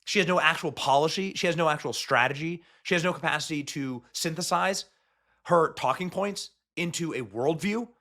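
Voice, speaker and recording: A man's voice: a little high, moderate pace, sharp tone. A man hosting a commentary show, ranting in a mocking, emphatic way. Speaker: host. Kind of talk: political commentary.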